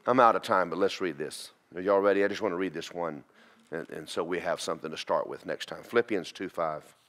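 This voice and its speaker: A man teaching a church class, preaching in a folksy, animated storytelling way. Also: low voice, brisk. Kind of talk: sermon.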